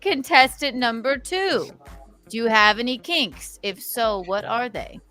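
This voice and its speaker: A woman's voice: on the high side, lively intonation, unhurried, bright, forceful tone, faint music behind. Giggly woman hosting a game. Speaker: game show host. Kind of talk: playful online call-in game.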